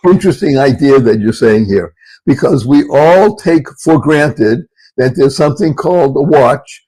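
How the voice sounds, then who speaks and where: A man's voice: mid-range voice, expressive, a little slow, dark tone, slightly rough, rough recording. Enthusiastic male podcast host. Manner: enthusiastic, effusive. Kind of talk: casual podcast chat.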